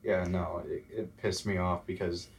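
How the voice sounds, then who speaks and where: A young man from Texas chatting as an interview guest, telling animated stories and acting out the voices of people he quotes. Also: deep voice, a little slow, vocal fry. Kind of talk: casual interview chat.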